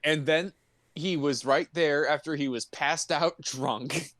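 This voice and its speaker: A man's voice: a little high, slow, fairly bright tone, no room sound, studio quality. A man co-hosting a podcast, casually recapping a movie in a laid-back, joking way and laughing often. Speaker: podcast co-host.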